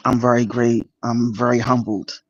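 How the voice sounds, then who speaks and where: A man hosting a casual livestream, greeting viewers by name and speaking earnestly and emotionally about his spiritual path, with many pauses and fillers. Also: medium pitch, little pitch movement. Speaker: channel host. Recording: dull lo-fi dry sound.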